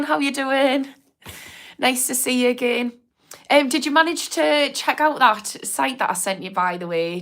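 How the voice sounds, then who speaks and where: Her voice is medium-pitched and fairly bright. She's a young addiction therapist from England with a Geordie accent, casually going through chat comments on a livestream, cursing and laughing openly.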